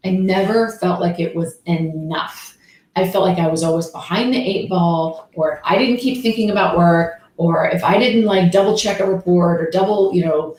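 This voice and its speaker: Chatty woman coach in an echoey room. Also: on the low side. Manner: candid, chatty, full of fillers and rhetorical questions. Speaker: coach and host. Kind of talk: casual motivational talk. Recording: echoey room, faint noise.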